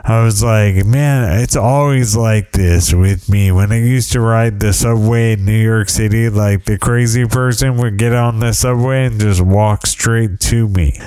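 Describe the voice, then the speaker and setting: A man's voice: lowish voice, a little mellow, smooth, dry recording. A middle-aged man telling a rambling, wry story in casual monologue, often restarting his sentences.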